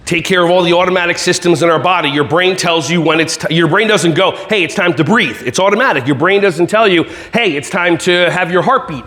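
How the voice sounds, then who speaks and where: Onstage in a conference hall, a man gives an energetic motivational keynote to a live audience, playful and jokey, complete with silly laser sound effects. His high voice sounds pushed and bright.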